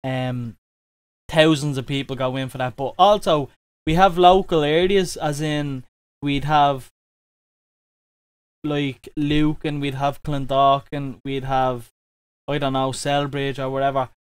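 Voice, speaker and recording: A young man with a mellow Irish accent, chatting casually as an interview guest, with frequent restarts and fillers. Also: mid-range voice, slow, clear, resonant tone, no room sound. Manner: relaxed, repeats words, fillers like "like" and "um".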